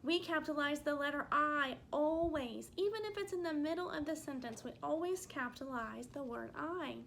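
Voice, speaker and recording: A woman with a Texan accent teaching a first grade phonics lesson to children at home, speaking slowly and clearly and drawing out her example words with patience. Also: high voice, fairly bright tone, slight background noise.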